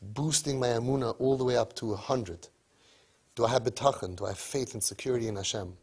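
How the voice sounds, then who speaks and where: A man's voice: mid-range voice, quick pace, darkish tone, slightly rough. A man giving a storytelling sermon, emphatic and full of rhetorical questions. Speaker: religious speaker.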